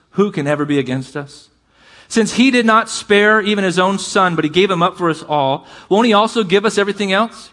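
A man preaching a sermon as a pastor, with impassioned delivery, conversational asides and scripture read aloud with drawn-out emphasis. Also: high-pitched, a bit bright.

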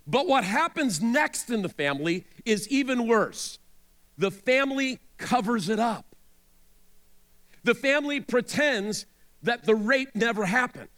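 High, animated male preacher. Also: unhurried. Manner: dramatic storytelling, asides to the audience. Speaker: pastor. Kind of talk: sermon.

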